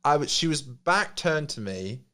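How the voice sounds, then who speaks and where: A young man with an English accent, co-hosting a podcast and chatting casually in lively, animated bursts. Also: a little high, moderate pace. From England. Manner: animated storyteller, quotes people in bursts. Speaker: podcast co-host. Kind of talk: casual chat.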